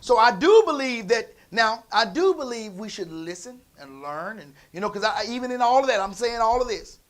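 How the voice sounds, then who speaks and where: A man preaching in a church, telling a family story in a conversational way that moves from quiet asides to loud emphasis. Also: high-pitched, very animated, moderate pace. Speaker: pastor. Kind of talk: storytelling sermon.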